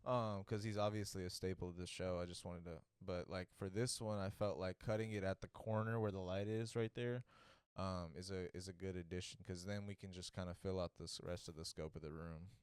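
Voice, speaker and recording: A man's voice: low voice, fairly even intonation, fairly quick, clear, resonant tone, no room sound. A young man co-hosting a podcast, talking in a loose, rambling way and swearing freely. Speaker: podcast co-host. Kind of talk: casual podcast chat.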